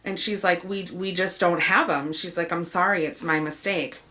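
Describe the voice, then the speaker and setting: A woman's voice: on the low side, fairly even intonation, moderate pace, sharp tone. A woman telling a story about a frustrating shopping trip in a casual rant, acting out the dialogue by quoting herself and the clerks.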